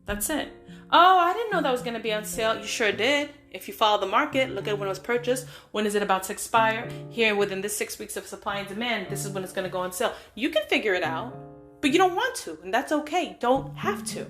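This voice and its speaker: A woman's voice: mid-range voice, expressive, fast talker, fairly bright tone, faint music behind. A middle-aged woman hosting a podcast, giving casual motivational talk in a direct, emphatic way straight to the listener. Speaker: podcast host.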